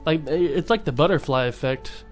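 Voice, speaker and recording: A man's voice: fairly high pitch, normal speed, soft background music. A young man talking casually and earnestly to his viewers, rambling with many fillers and restarts. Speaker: vlogger. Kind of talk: casual motivational monologue.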